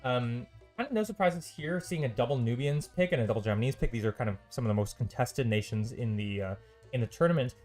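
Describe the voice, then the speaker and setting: A man's voice: mid-range voice, lively intonation, quick pace, darkish tone, faint music behind. A man hosting a live stream and casting a strategy game tournament on his own. He talks loosely and chattily, with many ums and uhs and the odd dry, sarcastic aside. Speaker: esports caster and stream host. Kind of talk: solo live game commentary.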